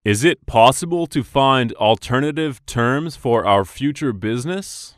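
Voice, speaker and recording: Slow, expressive man reading business dialogue. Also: medium pitch, no echo, studio quality. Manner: slow, careful, clearly enunciated delivery. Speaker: dialogue reader for English practice.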